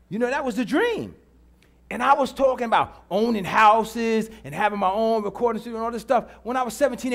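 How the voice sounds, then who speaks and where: A middle-aged man preaches from the pulpit in a high voice for a man. His pitch swings widely as he builds, and he keeps repeating key lines and asking the congregation if they are listening. The delivery is a conversational sermon that climbs toward emphatic peaks. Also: vocal fry. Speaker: pastor. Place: church.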